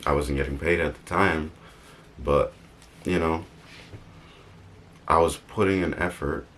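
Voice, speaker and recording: A man's voice: a bass voice, measured pace, fairly bright tone, a little hiss or hum. A young man talking casually in a vlog, rambling and correcting himself with joking asides. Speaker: vlogger. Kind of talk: casual motivational vlog talk.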